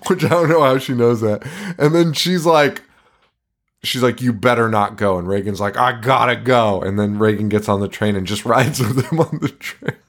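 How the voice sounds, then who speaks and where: A man in a relaxed podcast chat, recapping a film scene by scene. His pitch swoops up and down as he jumps from scene to scene, breaking into laughter and cursing at the odd parts. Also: unhurried. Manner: animated, swearing, laughing while retelling scenes. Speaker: podcast co-host. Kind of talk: casual movie recap chat.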